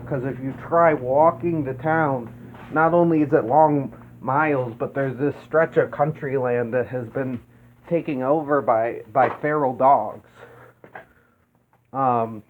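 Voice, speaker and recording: A man talks through a movie in an easygoing, meandering way, stopping and restarting with lots of fillers and the odd swear. He speaks slowly. The sound is thin and phone-like with a faint hiss behind it. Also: mid-range voice. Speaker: movie reviewer. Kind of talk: casual rambling film review.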